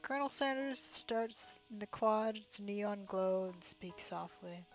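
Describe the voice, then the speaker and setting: A woman's voice: mid-range voice, slow pace, few pauses, highs cut off, soft background music. A young woman streaming a game, reading it aloud and reacting with incredulous, laughing, sweary remarks.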